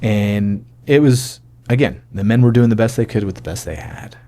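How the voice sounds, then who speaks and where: A man in his forties shares his personal testimony as a podcast guest, speaking in a fairly low voice. He tells the story casually and animatedly, slipping into the voices of the people he quotes. His talk is loose and full of fillers. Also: moderate pace. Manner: animated, acts out quoted dialogue; casual, many fillers like "like" and "you know". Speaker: podcast guest, army sergeant major.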